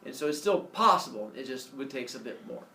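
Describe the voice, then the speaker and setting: A teacher telling a myth to his class in an animated, playful way with sound effects. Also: mid-range voice, fairly quick, gravelly, a little hiss or hum. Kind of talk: storytelling to a class. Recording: echoey classroom, from a distance.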